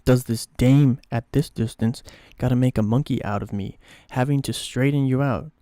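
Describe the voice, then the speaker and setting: A man reading aloud and voicing a brash, foul-mouthed male crook who bullies his partner, loud and swearing. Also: mid-range voice, moderate pace, no echo, studio quality, lightly acted. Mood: loud, bossy.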